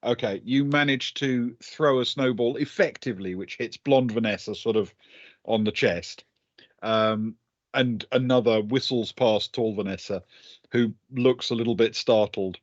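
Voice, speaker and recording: A man's voice: medium pitch, a little slow, dry recording, muffled recording. A man narrating as game master of a tabletop game, chuckling and hesitating with many fillers.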